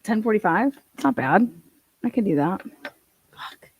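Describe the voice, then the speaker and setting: A woman's voice: medium pitch, expressive, unhurried, darkish tone, husky, dry recording. Swearing woman streamer reading court files. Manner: swears freely, laughs, reads documents aloud. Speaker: true crime livestream host. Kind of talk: casual profane livestream commentary.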